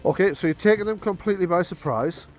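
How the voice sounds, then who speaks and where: A man's voice: high voice, quick pace. A man running a tabletop game as game master, narrating with frequent hesitations. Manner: hesitant, many ums and restarts.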